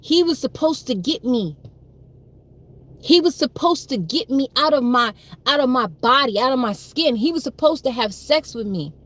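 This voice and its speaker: A woman's voice: high-pitched, animated, moderate pace, a bit bright. A young woman telling a personal story on a livestream, emphatic and repetitive, with frequent swearing. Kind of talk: livestream monologue.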